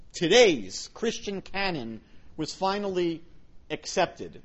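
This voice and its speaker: A man's voice: high-pitched, dull audio. A man giving a public lecture on religion, emphatic, with wry asides.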